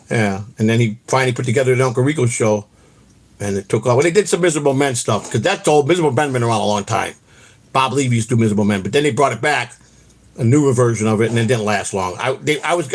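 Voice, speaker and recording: A man hosting a livestream, rambling through stories in a profane, excitable way. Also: medium pitch. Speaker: host. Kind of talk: casual rambling livestream chat.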